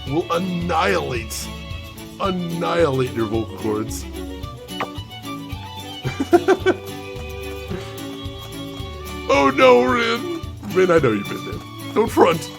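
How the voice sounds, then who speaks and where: Brief: a chatty streamer guy with a slightly raised, gravelly voice over game music. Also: a little high, sing-song, slow pace, long pauses. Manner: chatty, chatting with chat, laughing often. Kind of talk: casual live-stream commentary.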